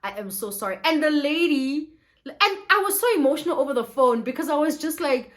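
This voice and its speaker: A young woman tells her story straight to the camera, her pitch leaping up and down with every turn of it. She talks casually and emotionally, with laughter breaking in often. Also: lively intonation, quick pace, fairly bright tone. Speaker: vlogger.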